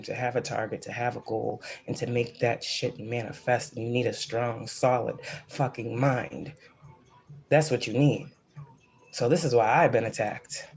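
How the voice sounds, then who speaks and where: A psychic reader with a bass, slightly mellow voice gives a casual channeled spiritual reading. She's blunt and profane, rambling and preachy, and she repeats phrases for emphasis.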